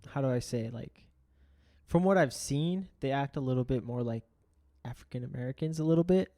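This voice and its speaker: A man's voice: mid-range voice, brisk, mellow. Easygoing male co-host, mid-range voice, short casual replies. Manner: laid-back, short agreeing replies, swears. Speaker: podcast co-host. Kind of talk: casual profane chat.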